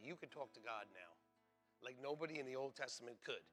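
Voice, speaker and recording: A man preaching a sermon as pastor, swinging between hushed, quiet passages and loud, shouted exclamations. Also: mid-range voice, lively intonation, brisk, soft background music.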